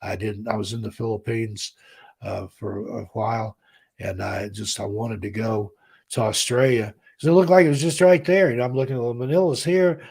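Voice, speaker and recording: Gravelly low-voiced man in his fifties. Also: moderate pace, darkish tone. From American South. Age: 50s. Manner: rambling, heartfelt, reads chat names aloud. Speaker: host. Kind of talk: casual live-stream chat.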